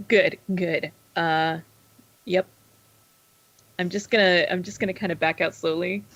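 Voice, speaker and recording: A woman playing a tabletop role-playing game, talking in a playful, halting way with many fillers. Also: on the low side, fairly even intonation, fairly bright tone. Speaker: player. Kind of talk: casual tabletop play.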